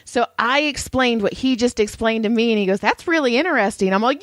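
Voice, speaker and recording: A woman's voice: on the high side, fairly quick, no room sound, clean studio sound. A woman co-hosting a podcast, telling stories in a casual chat, laughing often and acting out quotes. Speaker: podcast co-host.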